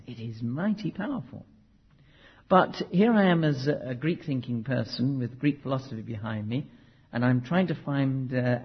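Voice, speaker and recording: Husky man preaching in a reverberant hall. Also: mid-range voice. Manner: animated, emphatic, conversational asides. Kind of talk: teaching sermon. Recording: muffled hall recording with long reverb.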